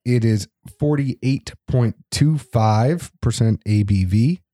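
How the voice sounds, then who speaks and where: A middle-aged man from Boston, a podcast guest, telling stories in casual, animated chat. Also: mid-range voice, slow. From Boston area. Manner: chatty, animated storyteller.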